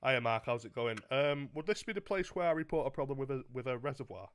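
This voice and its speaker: A man's voice: medium pitch, animated, fast, clear, resonant tone. A young man making a prank phone call, stammering through a mock-earnest complaint full of slang.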